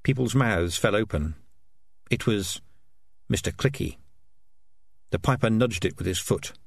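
A man narrating an audiobook as an expressive storyteller. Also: fairly low pitch, measured pace, gravelly, no room sound.

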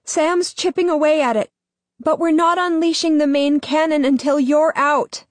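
A woman's voice: sits high, steady tone, normal speed, no echo, voice pushed up, lightly acted. A woman narrator voicing a young girl calling urgently in an audiobook. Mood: urgent shouting.

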